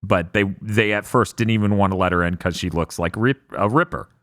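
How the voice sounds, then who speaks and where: A man's voice: lowish voice, fairly quick, dry recording, studio quality. A man co-hosting a casual game podcast, retelling game scenes with lots of swearing and acted-out lines. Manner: animated storytelling, acts out game scenes with swearing. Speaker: podcast co-host.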